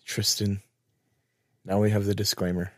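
Low-voiced, wisecracking podcast dad. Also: male voice, big pitch swings, no echo. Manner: playful, quick with wisecracks. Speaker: podcast co-host; father. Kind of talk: casual chat.

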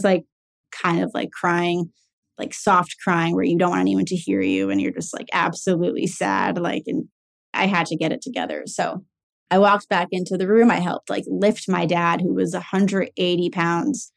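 A woman's voice: lowish voice, gravelly. A young woman telling a personal caregiving story in a candid, casual way, full of fillers. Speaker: caregiver sharing her story.

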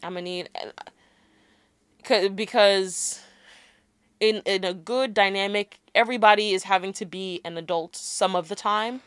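A woman's voice: medium pitch, steady tone, measured pace, a bit bright, smooth, no room sound. A woman in her twenties co-hosting a podcast, talking candidly in a casual chat, turning sassy and fiery. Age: 20s. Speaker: podcast co-host.

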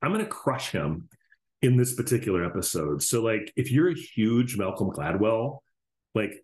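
A man's voice: fairly low pitch, sing-song, normal speed, darkish tone. Ranting male podcaster in a roomy echo. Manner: casual, profane, ranting. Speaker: podcast host. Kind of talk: solo podcast commentary.

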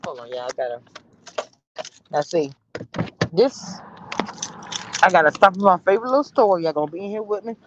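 This Southern American woman hosts a casual livestream from her car, talking to viewers with sass, energy and laughter. She speaks briskly at a fairly low pitch, leaving long pauses, and the dull lo-fi audio carries background noise.

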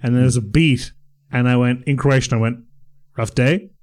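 Man, middle pitch, casual podcast chat, dry jokes, animated anecdotes. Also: brisk. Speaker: podcast co-host.

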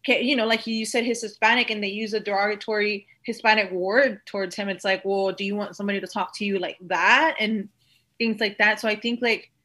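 A woman's voice: medium pitch, fairly even intonation, fairly quick, pushed and bright. A woman in casual podcast talk who rambles and fills her speech with "like". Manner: rambling, heavy use of "like".

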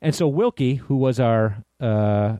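A man's voice: medium pitch, measured pace, warm tone, dry recording. A man from Connecticut recounting a bar fight story, emphatic and profane, often agreeing with his friends. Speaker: podcast co-host. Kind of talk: casual storytelling chat.

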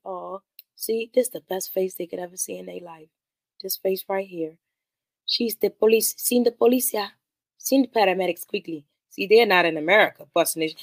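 A woman hosts a podcast, retelling a film scene by scene in a loose, animated way, with plenty of slang and cursing. Her voice sits in an ordinary middle pitch. The recording is close and dry, with no room sound. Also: no room sound. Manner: animated, slangy storytelling with frequent profanity. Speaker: podcast host reviewing a film. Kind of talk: casual movie commentary.

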